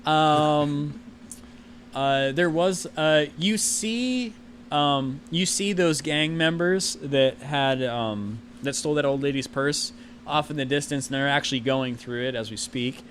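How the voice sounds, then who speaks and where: A man running a tabletop game as game master, with a slightly high voice. He narrates in a loose, rambling way, full of fillers. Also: takes it slowly, a bit bright, slight background noise.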